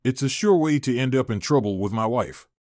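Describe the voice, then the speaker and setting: A man reading a first-person family story aloud as a scripted narration, in a steady, even manner. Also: medium pitch, a little fast, no echo, clean studio sound.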